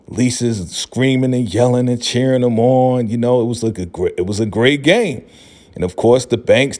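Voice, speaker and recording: A man's voice: medium pitch, a little mellow. A man recapping a TV episode in a chatty, laughing way, often tagging lines with "right?". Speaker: show recap vlogger.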